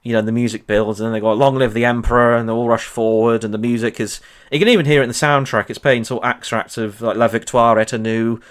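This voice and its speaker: A man's voice: mid-range voice, fairly even intonation, fast talker. Rambling man chatting on a livestream. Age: 30s. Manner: rambling with many ums, laughs often. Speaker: history channel host. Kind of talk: casual livestream chat.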